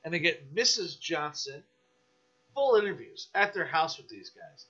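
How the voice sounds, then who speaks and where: Bright-voiced man ranting profanely. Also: a little high, sing-song, moderate pace, breathy edge, dull audio. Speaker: podcast guest. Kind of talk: casual podcast chat.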